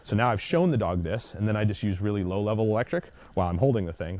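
Man with a lowish voice talking through dog training stuff, casual and chatty. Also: animated, fast talker, mellow, muffled recording. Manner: conversational, often checks in with "right?". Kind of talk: casual teaching explanation.

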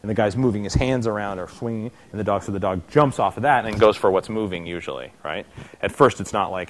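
Animated and fast, a man with a low-pitched voice leads an informal lecture for trainees at a dog-training clinic. He talks conversationally, checking in with the group often and acting out scenes.

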